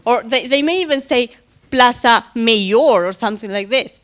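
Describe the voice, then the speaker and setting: Speaking quickly in a fairly high voice with lively intonation, an English-speaking woman gives the closing talk at an academic conference. She hesitates a lot, uses many fillers, corrects herself, and adds touches of humor.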